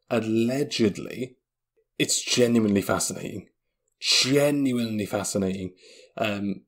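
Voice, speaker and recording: A man hosting a comedic film review podcast, talking in an excitable, rambling way full of comic exaggeration. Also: on the low side, slightly rough. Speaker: podcast host.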